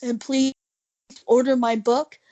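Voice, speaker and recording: A woman's voice: high-pitched, flat delivery, slow pace, warm tone, lo-fi sound. A woman guest on a podcast, chatting playfully and laughing often. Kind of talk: casual chat.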